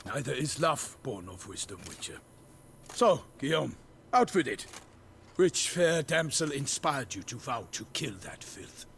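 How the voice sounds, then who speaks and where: An actor playing a wry, measured, learned companion in a video game. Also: male voice, mid-range voice, very animated, creaky, a bit bright, heavily acted. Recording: game audio with faint noise.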